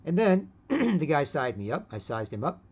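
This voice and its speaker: A man's voice: fairly high pitch, big pitch swings, normal speed, a little mellow, husky. A middle-aged man in a casual, rambling monologue, blunt and profane, tagging "right?" onto his phrases. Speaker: video host. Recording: dull lo-fi recording.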